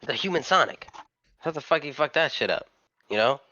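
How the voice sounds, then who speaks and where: A man's voice: fairly high pitch, animated, fairly quick, sharp tone. A man co-hosting a gaming podcast in casual chat, brash and slangy with heavy swearing. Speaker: podcast co-host. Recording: dry, slightly dull lo-fi sound.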